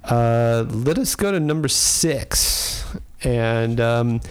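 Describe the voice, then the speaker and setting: A man's voice: mid-range voice, very slow, clear, resonant tone. A man hosting a podcast in a casual chat, talking in a rambling, enthusiastic way with many fillers. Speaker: podcast host.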